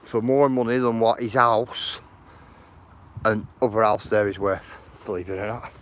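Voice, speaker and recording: A man's voice: fairly low pitch, steady tone, normal speed, fairly bright tone. A man chats and jokes with viewers on a walking livestream, laughing often, filming outdoors on a handheld phone. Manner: jokey, chatty, laughs often, talks to viewers. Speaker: livestream vlogger. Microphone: handheld phone camera.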